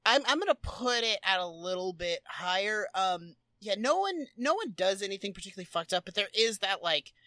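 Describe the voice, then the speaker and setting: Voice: medium pitch, big pitch swings, fairly quick, few pauses, bright, forceful tone, dry recording, studio quality. A podcast co-host rambling casually and jokingly, with lots of fillers. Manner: rambling, jokey, many fillers.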